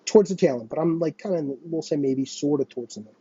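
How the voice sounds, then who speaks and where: Husky, agitated man in his thirties ranting. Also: a little high, fast, dark tone, dull audio. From United States. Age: 30s. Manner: agitated, profane and repetitive. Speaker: channel host. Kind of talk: ranting monologue to camera.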